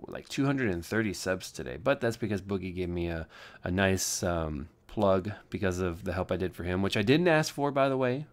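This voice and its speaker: Tired deep-voiced man rambling in a vlog. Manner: low-energy, rambling, self-deprecating. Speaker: vlogger. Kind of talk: casual daily vlog. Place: at home.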